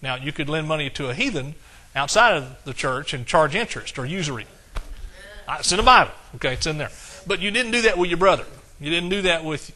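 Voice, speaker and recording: A man's voice: a little high, bright, forceful tone. A middle-aged man with an East Texas accent preaching a sermon in a folksy, exclamatory way, quoting scripture. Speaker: pastor.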